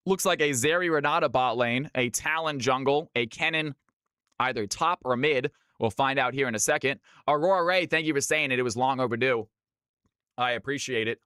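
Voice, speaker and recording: Bright, upbeat man casting a game live. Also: medium pitch, normal speed, clear, resonant tone, dry recording, studio quality. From California. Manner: upbeat, chatty, talks straight to chat. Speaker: streamer and game caster. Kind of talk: live esports play-by-play commentary.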